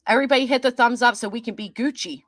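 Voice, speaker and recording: A woman's voice: a little high, a bit bright, no room sound. Mocking woman host in a dry room. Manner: mocking, defiant, quick to laugh. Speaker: commentary channel host. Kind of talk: livestream reading and answering viewer comments.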